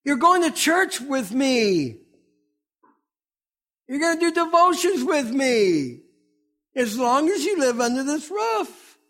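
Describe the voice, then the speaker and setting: A man's voice: very high voice, very animated, slow pace, pauses often, a bit bright. A middle-aged man preaching a sermon as pastor, fiery and emphatic.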